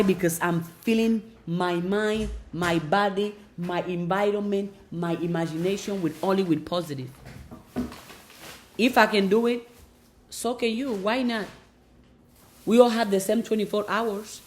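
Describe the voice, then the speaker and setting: A woman's voice: medium pitch, a little slow, a little hiss or hum. A woman giving a motivational monologue in an emphatic, repetitive, preaching manner. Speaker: motivational speaker.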